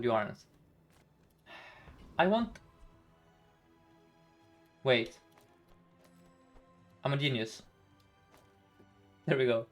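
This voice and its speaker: A man on a live game stream, thinking each move through out loud in an unhurried, chatty way. His voice sits a little high, and he laughs easily between calls. Faint music plays under him.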